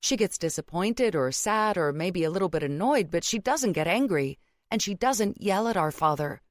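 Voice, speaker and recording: A woman's voice: fairly low pitch, lively intonation, normal speed, no echo, studio quality, close to an everyday voice. A woman voicing an earnest, apologetic young woman.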